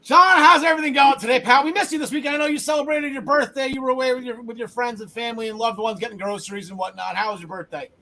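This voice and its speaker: A man hosting a wrestling podcast, chatting casually with jokes, rambling and swinging between loud bursts and mumbled asides. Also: very high-pitched, quick pace, hardly any pauses, slight background noise. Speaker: podcast host.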